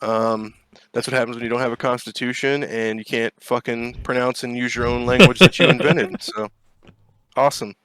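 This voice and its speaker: A man's voice: medium pitch, normal speed, fairly bright tone, clear, resonant tone, no room sound. A man co-hosting a gaming podcast, ranting in a casual, profane and sarcastic way. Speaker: podcast co-host. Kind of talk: casual chat.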